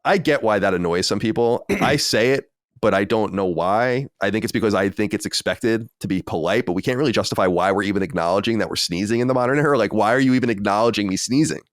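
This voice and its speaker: Podcast co-host, male, lowish voice, rapid delivery, dry close mic. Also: no echo. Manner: quick, opinionated, restarts often. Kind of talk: casual chat.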